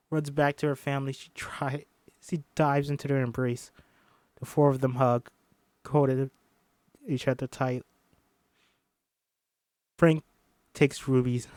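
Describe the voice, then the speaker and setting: A man's voice: mid-range voice, a little mellow, no echo. A man reading a film script aloud on a stream, emotional and swearing casually between lines. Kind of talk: script read-aloud with commentary.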